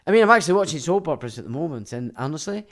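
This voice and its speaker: Ranting man, lively pitch. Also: rapid-fire. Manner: crude, ranting, profane; laughs while talking. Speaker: livestream host. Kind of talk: casual livestream chat, reading viewer comments.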